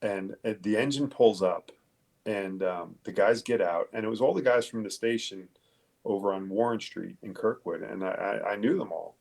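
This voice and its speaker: Low gravelly man telling his story. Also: a little mellow. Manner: halting, candid, swears casually. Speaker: police detective guest. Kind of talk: conversational storytelling.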